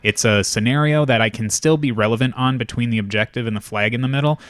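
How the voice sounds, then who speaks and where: A man's voice: mid-range voice, quick pace, fairly bright tone, no room sound. A man hosting a tabletop wargame battle report, talking casually and rambling with lots of fillers and restarts. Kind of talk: casual chat.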